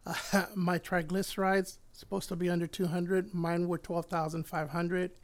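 A man's voice: sits high, little pitch movement, moderate pace. A middle-aged man from Puerto Rico, a church elder and pastor, telling his personal faith testimony in an earnest, heartfelt way that turns emotional at moments.

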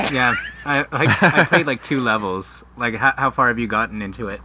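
A man's voice: mid-range voice, normal speed, background noise. A man on a casual gaming podcast, rambling as he explains things at length.

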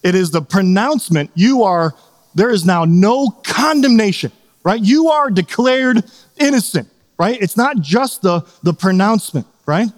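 A man's voice: sits high, expressive, unhurried. A man in his thirties preaching a sermon in a conversational way, often checking in with "right?" and acting out quotes. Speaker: pastor. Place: church sanctuary. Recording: long hall reverb.

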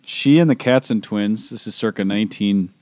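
A man's voice: on the low side, moderate pace, darkish tone. A man in his thirties co-hosting a podcast, a priest reminiscing about seminary days with a joking tone. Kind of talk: casual podcast chat.

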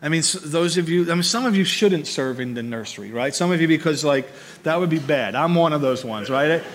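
A man preaching a conversational sermon, animated and often checking in with his listeners by asking "right?", repeating words as he builds his points. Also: fairly high pitch, brisk, a little hiss or hum. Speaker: pastor.

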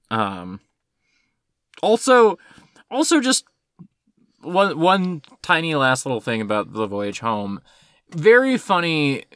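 A man co-hosting a podcast, chatting casually about films, animated, swearing freely and laughing often. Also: medium pitch, no echo. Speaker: podcast co-host. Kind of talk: casual film discussion.

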